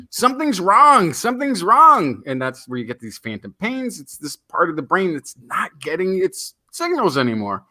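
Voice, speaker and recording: Animated, bright-voiced man riffing on science. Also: high voice. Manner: animated, playful explaining. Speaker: podcast co-host. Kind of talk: casual science podcast chat.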